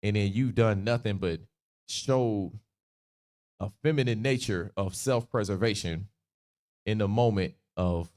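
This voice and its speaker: A man's voice: lowish voice, a little slow, long pauses, a little mellow. A man teaching a Bible passage on a livestream, in a casual, slangy way, laughing easily and acting out the quotes.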